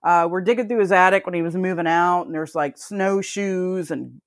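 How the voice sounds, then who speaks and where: In clean studio sound with no room tone, a woman co-hosting a podcast swaps casual stories, swearing freely and laughing often. She has a lowish voice and keeps a moderate pace.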